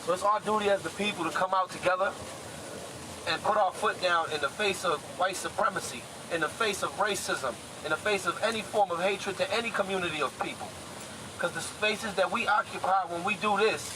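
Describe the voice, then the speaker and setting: A man's voice: high-pitched, moderate pace. A man in his twenties giving an impassioned, urgent protest speech outdoors, repeating his points with force. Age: 20s. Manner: fervent, repetitive, urgent. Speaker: rally speaker. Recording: loud crowd and street noise.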